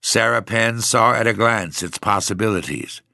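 A man narrating an audiobook story with expressive delivery. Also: lowish voice, moderate pace, vocal fry, no room sound, studio quality.

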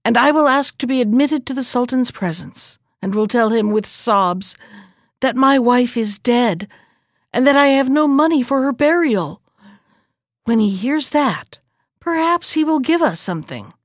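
A woman voicing a cunning, scheming male jester in a storybook reading, lifting her pitch and tone for his lines. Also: animated, a little slow, no echo, studio quality.

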